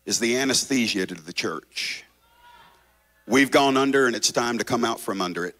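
A male pastor preaching a revival sermon with a bright, forceful tone. He swings between loud shouting and hushed, quiet stretches, driving each point home with passion. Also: medium pitch, lively intonation, normal speed.

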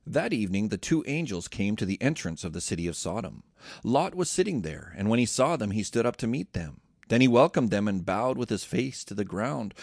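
A man reads scripture aloud with a steady, measured delivery. His voice has a gravelly edge. The recording is dry and close. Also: lowish voice, no echo. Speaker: scripture reader.

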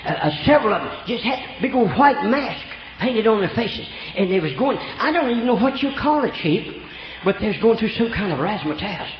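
Folksy old preacher man, lively high voice. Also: a little fast, faint music behind. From Oklahoma. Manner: homespun, rural grammar, animated. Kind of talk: folksy storytelling sermon. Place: church. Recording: echoey church room, dull lo-fi sound.

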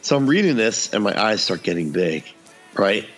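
A man's voice: fairly low pitch, sing-song, normal speed, a bit bright, faint music behind. A man casually telling a funny story on a podcast, acting out the dialogue and laughing often.

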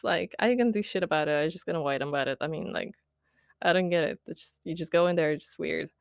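A woman's voice: lowish voice, creaky, no echo, clean studio sound. A young adult woman hosting a podcast, ranting casually in a diary style, rambling with lots of fillers, laughing often and poking fun at herself. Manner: self-mocking, candid. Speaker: podcast host.

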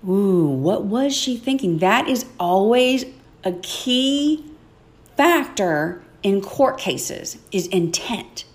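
A woman's voice: mid-range voice, expressive, slow. A woman hosting a podcast, retelling a Bible story in a playful, dramatic way, acting out the characters and laughing often. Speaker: podcast host.

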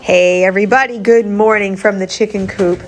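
A woman's voice: mid-range voice, steady tone, moderate pace. A woman host and mindset coach with a nasal voice from a cold, talking in a casual, conversational way. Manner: conversational, with fillers and restarts. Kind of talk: casual chat.

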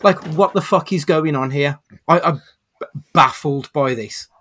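Male podcast host, fairly high voice, incredulous and sweary. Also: a little slow, bright, forceful tone. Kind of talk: casual film review chat.

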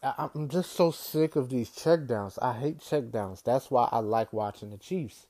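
A man in a mid-range voice, neither high nor low, hosting a solo sports talk show. He rants with open exasperation, stumbles over repeated words, and pushes his voice upward whenever he gets fired up. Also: measured pace, warm tone. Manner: exasperated, ranting, repeats himself, voice climbs when worked up. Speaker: sports podcast host. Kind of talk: solo sports commentary rant.

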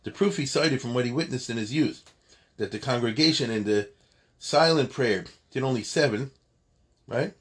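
A man giving an informal lesson, reading Hebrew passages slowly and explaining them in casual, halting asides. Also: mid-range voice, a bit bright, husky. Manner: hesitant, many fillers and restarts. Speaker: Torah teacher. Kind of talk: informal text study lesson.

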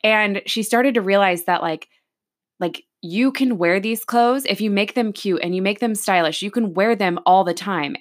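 A woman co-hosting a podcast, retelling stories in casual chat with lots of "like" fillers. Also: medium pitch. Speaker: podcast co-host.

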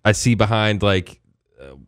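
A man's voice: on the low side, animated, measured pace, clean tone, no echo. A man hosting a radio show, chatting casually and telling a rambling story full of fillers and acted-out quotes in a studio. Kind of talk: casual on-air chat. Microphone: studio microphone.

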